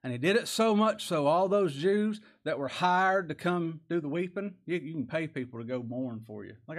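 Folksy male preacher, slightly high voice. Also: expressive, moderate pace, few pauses. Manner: folksy, conversational, rhetorical questions, chuckles. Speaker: pastor. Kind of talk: sermon.

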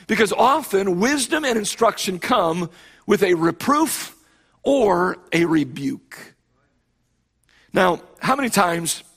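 Husky-voiced man preaching a sermon. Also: high voice, fairly bright tone. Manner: emphatic preaching with frequent repetitions and restarts. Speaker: pastor.

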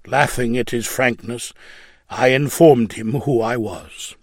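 A man reading a religious story aloud in a measured, solemn way. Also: mid-range voice, dry recording, clean studio sound. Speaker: narrator.

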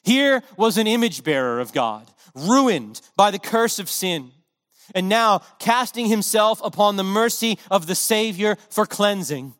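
A male preacher with a noticeably high voice, delivering his sermon with earnest passion and emphatic repetition. His words ring out with a long reverb, as if spoken in a large hall. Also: animated, a little slow, fairly bright tone.

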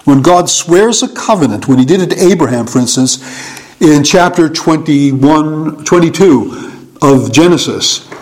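A middle-aged man teaching in a conversational sermon, musing and halting with small chuckles. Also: on the high side, expressive, darkish tone, low-quality recording. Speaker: preacher.

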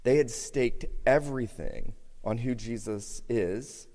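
A man preaching a sermon in a church, earnest and measured, repeating key phrases for emphasis. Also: medium pitch, warm tone. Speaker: pastor. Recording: reverberant hall.

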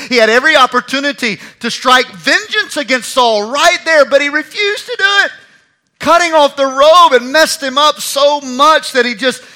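A male pastor delivers a sermon in a high, very bright voice. He moves through the passage with animated emphasis and briefly acts out the lines he quotes.

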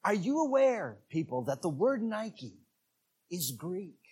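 Husky-voiced man preaching with animated force. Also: high voice, slow. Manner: animated preaching, rising to shouts on key words. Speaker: evangelist. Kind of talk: sermon. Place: church.

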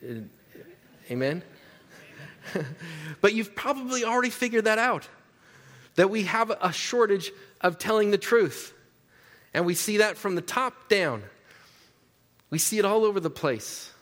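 A man's voice: high-pitched, expressive, unhurried, long pauses, a bit bright, in a large hall. A man preaching a conversational sermon, casual and joking, tossing rhetorical asides to the congregation. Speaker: pastor.

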